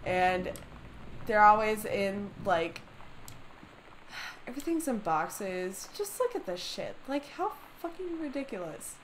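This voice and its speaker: A woman's voice: medium pitch, sing-song, slow pace, slight background noise, rough recording. A woman doing let's play commentary on a story game, swearing a lot and ranting in exasperation. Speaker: gamer playing a story game.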